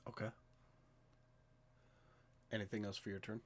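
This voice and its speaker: Game master, man, low voice, matter-of-fact, calm rulings. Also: measured pace. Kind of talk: narrating a tabletop game online.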